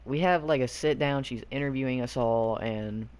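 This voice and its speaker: A man's voice: medium pitch, moderate pace, darkish tone, clean tone. A young man from Arkansas telling a childhood story casually, rambling with lots of fillers and loose slang. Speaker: YouTube storyteller.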